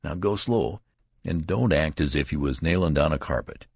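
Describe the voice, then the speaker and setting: A man's voice: very deep voice, expressive, measured pace, gravelly, slightly rough, no room sound, clean studio sound, voice pushed down, heavily acted. A man voicing a wounded young male soldier who talks in an irritable, snappish way. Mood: irritated.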